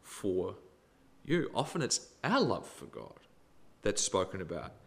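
A middle-aged man delivers a sermon with a lower voice that swings widely in pitch. His preaching is emphatic, leaning hard into key words before dropping to near quiet. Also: normal speed. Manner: expressive, emphatic preaching with sudden rises and drops in loudness.

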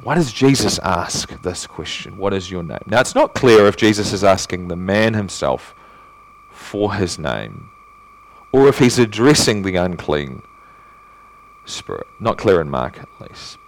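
A man preaching an expository sermon, asking rhetorical questions and repeating key phrases, climbing in pitch and force on his main points. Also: expressive, low-quality recording. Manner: rises in pitch and volume when stressing points; reads scripture aloud in measured tone.

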